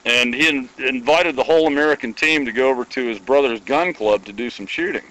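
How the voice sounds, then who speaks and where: A man's voice: mid-range voice, fairly quick, rough recording. A man from Iowa telling a long, folksy anecdote in casual conversation, acting out the dialogue as he goes. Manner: folksy, animated storytelling with quoted dialogue. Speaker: guest storyteller.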